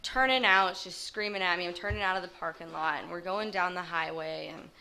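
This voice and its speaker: Woman with a bright, lowish voice sharing testimony. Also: creaky. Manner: halting and hesitant, with frequent pauses. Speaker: recovery group member sharing her story. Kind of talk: personal testimony.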